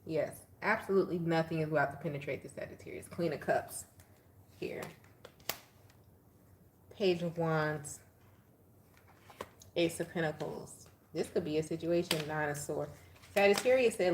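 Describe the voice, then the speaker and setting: A woman doing a casual live tarot reading, chatty and animated, laughing as she talks to viewers. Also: fairly low pitch, unhurried, pauses often. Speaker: tarot reader.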